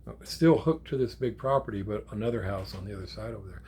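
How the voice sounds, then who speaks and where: An older man, a grandfather, telling a story in a casual, animated way, with swearing and acted-out quotes. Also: on the low side, fast, husky. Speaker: channel host.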